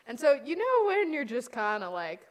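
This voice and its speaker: A woman's voice: sits high, sing-song, moderate pace. Middle-aged woman, co-host, light casual banter with frequent laughs. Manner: giggly, joking. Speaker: co-host, mother. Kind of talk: casual chat.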